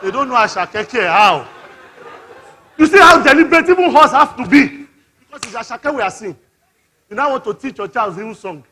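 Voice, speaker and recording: Nigerian male conference preacher; very high, sharp tone; playful, call-and-response delivery. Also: fast. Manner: lively, teasing, calls out to the audience. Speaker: conference speaker. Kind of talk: interactive family-life sermon. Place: church conference hall.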